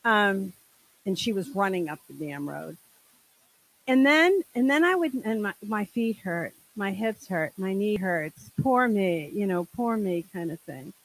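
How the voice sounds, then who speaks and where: An older woman shares her story with a meeting group in a frank, humorous way. She drops exasperated asides into the telling and speaks at an ordinary middle pitch into a handheld microphone. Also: sing-song, measured pace, fairly bright tone, low-quality recording. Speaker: group member sharing.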